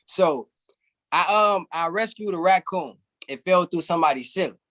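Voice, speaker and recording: A young man tells a long, casual story as an interview guest, full of animation, free swearing, and laughter. His voice is high-pitched and fairly bright, at a moderate pace.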